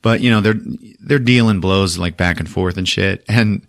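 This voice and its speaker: A man hosting a podcast who recaps a movie in a casual, profane, animated way, laughing often. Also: low voice, normal speed, no echo, studio quality. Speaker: podcast host.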